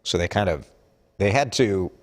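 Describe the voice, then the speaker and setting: A man's voice: low-pitched, normal speed. A man with a Minnesotan accent anchoring a morning news update in a chatty, joking way. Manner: chatty, jokey, animated delivery.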